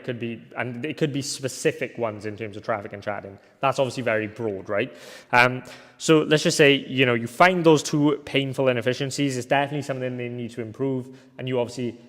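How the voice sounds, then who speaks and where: A man's voice: medium pitch, fairly bright tone. Casual young male coach in a reverberant room. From Wales. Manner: casual, ends points with a tag question, thinks aloud with fillers. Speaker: agency coach. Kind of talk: recorded course lecture. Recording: long hall reverb.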